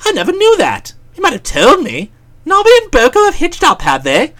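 A woman reading an audiobook who voices a breezy, chatty young English gentleman in a bright, jaunty manner. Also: fairly high pitch, wildly swooping pitch, moderate pace, pitched above the performer's own voice. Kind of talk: audiobook character voice.

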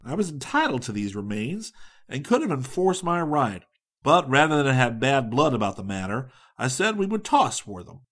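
A man reading a humorous travel story aloud in a measured, dry, wry storytelling manner. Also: mid-range voice, big pitch swings, a bit bright. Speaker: audiobook narrator. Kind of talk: scripted narration.

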